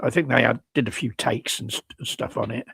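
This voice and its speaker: Man in his 70s, gravelly, dry close sound, stop-start speech, video call. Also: medium pitch, a bit bright, dry recording. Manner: halting, repeats words, laughs easily. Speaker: guest. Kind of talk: casual chat on a live video show.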